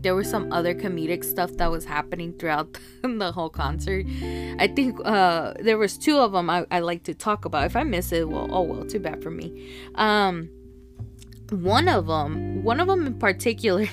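Chatty woman rambling over music. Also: lowish voice. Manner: rambling, laughs often, many fillers. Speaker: podcast host. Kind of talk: casual solo podcast chat.

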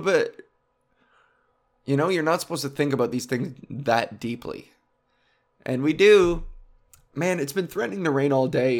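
Guy comedian riffing solo, swears a lot, wanders off topic, mid pitch. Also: vocal fry. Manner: rambling, animated, profane, jumps between topics. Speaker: comedian podcast host. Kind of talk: casual comedic monologue.

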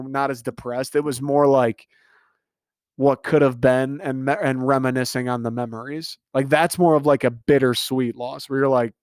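A man's voice: mid-range voice, moderate pace, no echo, clean studio sound. A man in his twenties in a casual monologue, ranting and swearing about a loss. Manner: animated, rants and swears.

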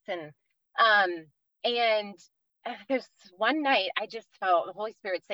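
A woman's voice: mid-range voice, measured pace, no echo, muffled recording. A woman from the East Coast of the United States, in her thirties, telling an earnest personal faith story as a podcast guest, with many fillers.

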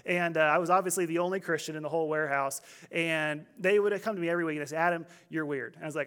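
A man's voice: on the high side, racing, few pauses, fairly bright tone. A man preaching a sermon as pastor, in a conversational, storytelling way with humor.

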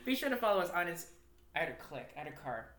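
A woman's voice: fairly low pitch, big pitch swings, racing, heavy background noise. A woman co-hosting a podcast, trading giggly, teasing banter in casual chat. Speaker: podcast co-host. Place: indoor room. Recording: echoey room.

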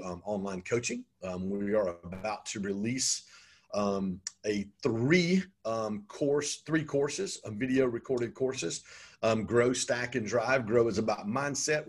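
A man's voice: on the low side, breathy edge. A man talking as an interview guest about his business coaching, chatty and full of ums. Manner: talkative, frequent ums. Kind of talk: conversational interview.

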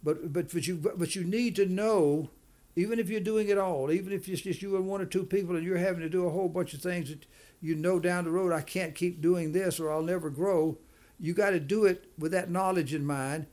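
A man's voice: high-pitched, steady tone, fairly quick, a little mellow. A man speaking as a business leader in an interview, emphatic, often repeating and restarting his words. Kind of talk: conversational interview.

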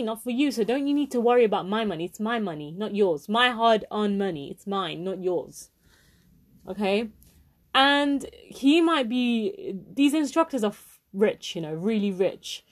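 A woman, hosting a podcast and telling a heated personal story, swearing often and repeating herself for emphasis. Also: mid-range voice. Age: 20s. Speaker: podcast host. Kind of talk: angry personal rant.

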